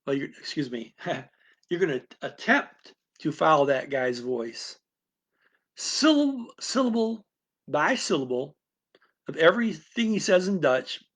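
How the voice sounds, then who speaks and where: A man's voice: a little high, big pitch swings, measured pace, a bit bright. A man teaching a language-learning method, explaining it in an unscripted, rambling talk full of restarts and asides.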